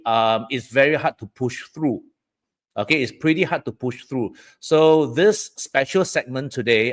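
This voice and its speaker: A man from Southeast Asia giving a live-streamed talk on feng shui to his audience. He keeps the tone chatty, dropping frequent "okay, guys" and "all right" check-ins between points. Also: medium pitch. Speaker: feng shui teacher hosting a live session.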